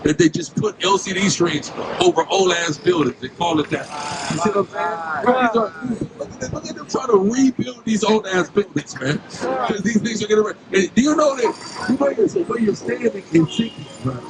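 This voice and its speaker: A man's voice: high voice, lively intonation, moderate pace. A man preaching outdoors on a city street, questioning passersby and repeatedly asking "right?". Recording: street noise and traffic.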